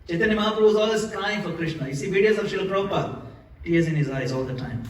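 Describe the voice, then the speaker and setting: A man's voice: high-pitched, racing, recorded from a distance. A man giving a sermon in a temple hall, asking the audience questions and demonstrating how to chant. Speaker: temple lecturer. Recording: echoey hall, recorded from afar.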